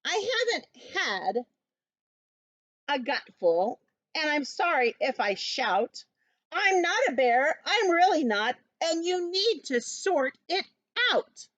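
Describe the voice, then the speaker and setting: A woman's voice: on the high side, big pitch swings, takes it slowly, pauses often, a bit bright, no room sound, muffled recording, exaggerated voice. A woman voicing a grumpy male koala who is fed up with being called a bear, reading it aloud from a storybook in an indignant, complaining way. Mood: angry.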